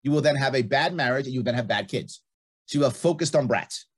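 A man's voice: medium pitch, lively intonation, quick pace, breathy edge. A middle-aged man giving blunt, emphatic advice in conversation, repeating his points for effect. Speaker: guest.

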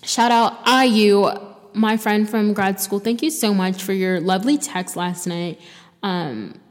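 A woman's voice: mid-range voice, measured pace, a little mellow. Chatty young woman in a reverberant room. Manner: rambling, chatty, with many fillers and restarts. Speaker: podcast host. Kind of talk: casual solo podcast sign-off.

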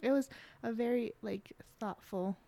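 A woman's voice: a little high, a little slow, vocal fry, warm tone. A young woman in a casual film discussion, chatty and full of fillers. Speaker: discussion participant.

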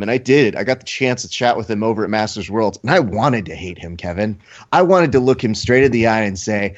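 A man's voice: medium pitch, lively intonation, brisk, muffled recording. A man co-hosting a casual talk show, ranting in mock outrage and telling stories with theatrical flair. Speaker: podcast co-host. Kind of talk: casual banter, playful ranting.

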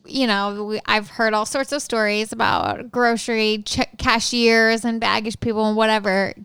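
A woman co-host chats with a wry, teasing edge. Her voice is very smooth and clear, a little high, with a dry, close sound. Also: animated, moderate pace, fairly bright tone, no echo. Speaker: podcast co-host. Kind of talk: casual chat.

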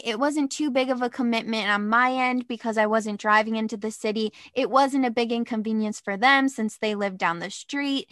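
A young woman telling a dating story in casual chat, animated and dramatic, with lots of "like". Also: on the high side, no room sound, clean studio sound.

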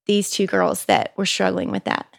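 A woman's voice: medium pitch, big pitch swings, normal speed, vocal fry. A woman on a casual faith and parenting podcast, talking earnestly with many restarts and likes.

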